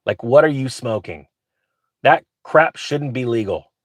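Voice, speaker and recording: Sitting in his truck, a finance vlogger reads bank news and rants about it in a sarcastic, grumpy, mocking way. His mid-range voice is expressive and measured in pace, with no room sound.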